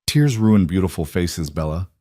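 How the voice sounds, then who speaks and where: A man voicing a calm, dangerous mafia boss in a romance story, speaking low and soft. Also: normal speed, dry recording, clean studio sound. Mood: quiet menace.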